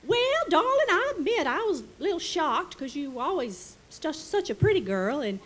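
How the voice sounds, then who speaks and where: A woman's voice: sits high, big pitch swings, moderate pace, fairly bright tone, pitched above the performer's own voice, rough recording. A woman playing a chatty, nosy older Southern widow from the Mississippi Delta with a gushing, drawling manner. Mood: gossipy. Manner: gushing, drawling, fond of "darling".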